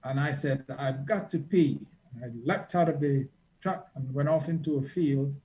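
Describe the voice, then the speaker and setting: A man's voice: fairly high pitch, normal speed, warm tone, rough recording. A man, a reporter and guest, telling vivid stories from his travels in a dramatic, conversational way. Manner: vivid, dramatic storyteller acting out quotes. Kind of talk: storytelling in a conversation.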